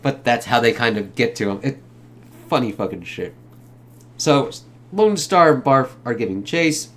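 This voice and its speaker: A man's voice: medium pitch, expressive, unhurried. A man giving a casual spoken movie review, rambling loosely, swearing a lot and laughing often.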